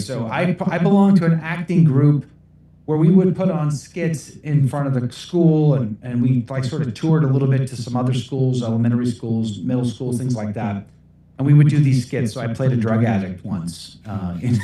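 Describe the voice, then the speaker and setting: A man's voice: medium pitch, mellow, far from the mic. Rambling man in an echoey room. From United States. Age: middle-aged. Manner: rambling, self-deprecating, laughs often. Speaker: actor answering livestream questions. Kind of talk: casual livestream Q&A.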